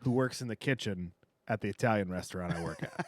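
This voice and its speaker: A man's voice: fairly low pitch, fast, dry recording. A man co-hosting a podcast, ranting sarcastically and swearing freely. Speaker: podcast co-host. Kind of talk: casual chat.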